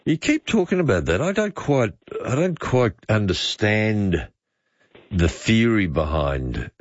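An Australian man hosting talkback radio, relaxed and unhurried with many uh fillers. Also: fairly low pitch, no echo, dull audio.

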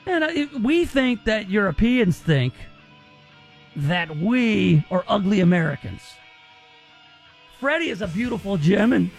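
A man's voice: high voice, very animated, unhurried, gravelly, long pauses, soft background music. A man hosting a talk radio show, chatting casually and rambling with jokes. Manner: rambling, joking.

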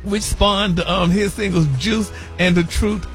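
A man's voice: sits high, fairly even intonation, unhurried, vocal fry, soft background music. A man giving celebrity gossip on a radio morning show, sassy and flamboyant, calling people honey and baby and laughing through his own stories.

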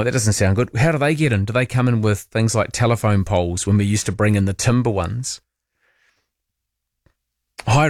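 A man's voice: lowish voice, no room sound, studio quality. A man hosting late-night talkback radio, chatting and reading out listener texts. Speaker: overnight radio host.

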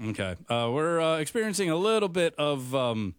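A man's voice: a little high, sing-song, brisk. A man hosting a sports radio show, chatting casually with many uhs and ums and laughing easily.

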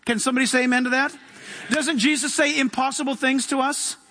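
A man's voice: extremely high pitch, steady tone, a little fast, bright, forceful tone. A man preaching an impassioned sermon in a church, reading scripture and asking the congregation questions. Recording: long hall reverb.

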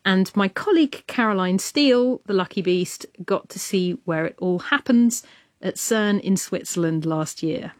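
A woman's voice: mid-range voice, measured pace. Playful woman presenting a science show. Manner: playful, enthusiastic, jokey asides. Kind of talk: lively scripted presenting.

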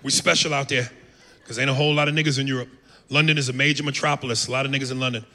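A man doing a brash, profane stand-up set on a comedy club stage, with loud acted-out voices. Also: mid-range voice, steady tone, racing. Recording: live club with long reverb, noisy.

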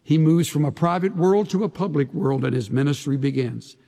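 A pastor preaching a sermon to his congregation, dramatic and emphatic, sometimes dropping to a hushed voice. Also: fairly high pitch, brisk, creaky. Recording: long reverb of a large hall.

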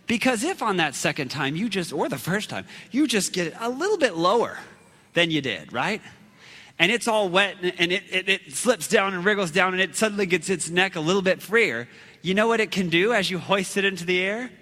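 A man telling a story as a sermon in an animated way, acting out shouted lines and laughing at himself. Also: high voice, fairly quick, in a large hall. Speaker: preacher.

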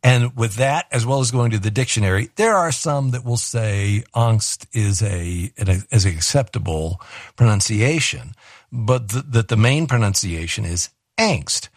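A man's voice: lowish voice, expressive, normal speed, no echo, studio quality. A man hosting a call-in radio show, talking in a chatty, easygoing way with chuckling asides. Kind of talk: casual call-in radio talk.

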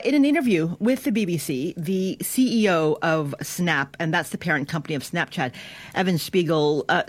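A woman's voice: fairly low pitch, dry recording. Chatty woman business reporter, dry sound. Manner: chatty, many fillers and restarts. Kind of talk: live radio news report.

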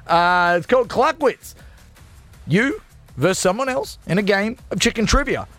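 A man's voice: sits high, sing-song, normal speed, fairly bright tone, soft background music. A man hosting a radio show, talking in jokey, self-mocking, hyped patter. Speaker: radio host.

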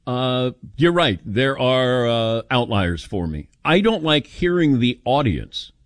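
A middle-aged man hosts a sports radio call-in show, driving his points home with big leaps in pitch. His voice is dry and close to the mic. He talks with blunt, opinionated confidence. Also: slow pace, no echo. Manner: opinionated, animated, jumps in pitch for emphasis. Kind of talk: casual sports talk radio.

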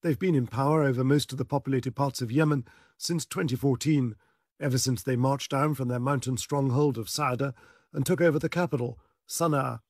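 Casting note: male correspondent, mid-pitched, measured scripted narration, dry studio sound. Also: steady tone, darkish tone, no echo. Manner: measured, authoritative delivery. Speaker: security correspondent. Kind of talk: scripted news report narration.

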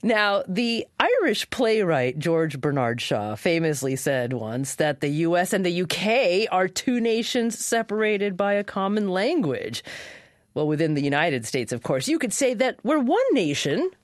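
A woman hosting a public radio talk show, speaking in an articulate, measured way. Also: fairly low pitch, expressive, no room sound, studio quality.

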